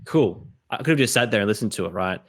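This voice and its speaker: An Australian podcast host with a lowish voice talks fast in a casual conversation. He tells animated stories, acting out the voices of the people in them.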